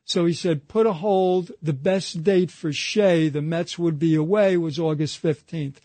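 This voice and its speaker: A man's voice: a little high, unhurried, mellow, no room sound. A man being interviewed who tells a long anecdote, retelling it through a chain of quoted dialogue and frequent "he said.". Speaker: interview guest. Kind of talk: conversational storytelling anecdote.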